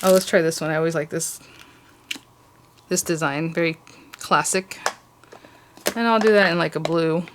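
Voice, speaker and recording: A woman's voice: low-pitched, fairly even intonation, moderate pace, pauses often, background noise. A woman hosting a casual crafting tutorial, chatty and gushing over cute details as she works.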